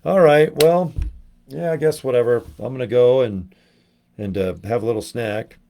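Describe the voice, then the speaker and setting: A man's voice: mid-range voice, normal speed, dark tone, slight background noise. A middle-aged man hosting a casual home livestream, rambling chattily and greeting viewers by name, his voice a bit worn. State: losing his voice. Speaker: livestream host.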